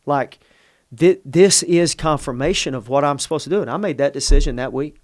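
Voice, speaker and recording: Earnest middle-aged pastor, dry sound. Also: male voice, on the high side, a little fast, darkish tone, no echo. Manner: earnest, emotional, self-interrupting. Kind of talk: conversational personal storytelling.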